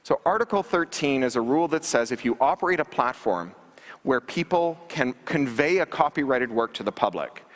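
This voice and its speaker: A man's voice: mid-range voice, expressive, moderate pace. A man giving a conference keynote talk, emphatic and wry, with sarcastic asides, recorded from a livestream on a large stage. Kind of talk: public lecture. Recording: reverberant hall livestream capture.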